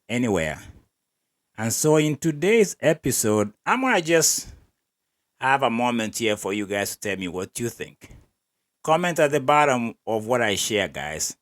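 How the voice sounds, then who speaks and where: A man's voice: fairly low pitch, fairly bright tone. A man hosting an athletics podcast, giving wry, opinionated commentary and laughing between remarks. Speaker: podcast host.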